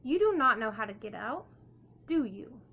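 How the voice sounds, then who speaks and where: A woman's voice: fairly high pitch, very animated, moderate pace, sharp tone, a little hiss or hum, heavily acted. A woman voicing an eager young male duck, persuasive and upbeat. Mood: coaxing.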